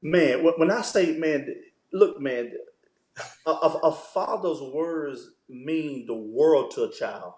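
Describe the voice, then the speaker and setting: A man, a pastor, talks through fatherhood in a loose, story-filled way, dropping "man" into almost every thought. His voice sits a little high, and the room around him rings with echo. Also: slow, a little mellow. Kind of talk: conversational interview.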